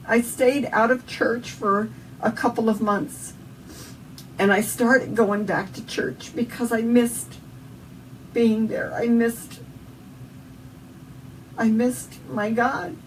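A woman's voice: a little high, fairly even intonation, slow, long pauses. Earnest Southern woman sharing a testimony. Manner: earnest, heartfelt storytelling. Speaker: interview guest. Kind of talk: emotional personal testimony. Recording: distant mic with faint background noise.

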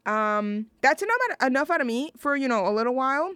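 A young woman from New York hosting a show, chatting casually and gushing excitably, with lots of filler words and slang. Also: sits high, a little fast, clear, resonant tone, no echo. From New York, USA. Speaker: show host introducing songs. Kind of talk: casual chat.

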